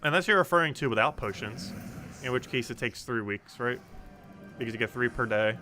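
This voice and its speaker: A young man talks through his game stream in a loose, rambling way, full of ums, restarts and asides to chat. His voice is bright and forward, at an ordinary middle pitch for a man. Faint music plays under him. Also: lively intonation, brisk. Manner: chatty, rambling, many ums and restarts, answers chat questions. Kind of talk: casual live-stream commentary while playing.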